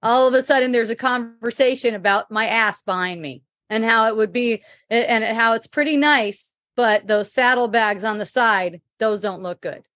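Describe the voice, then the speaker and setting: Middle-aged woman, fairly high voice, dry close sound, casual spiritual chat, laughs a lot, swears. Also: moderate pace, hardly any pauses, no echo. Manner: laughs often, swears freely, animated and frank. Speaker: livestream host reading viewer comments.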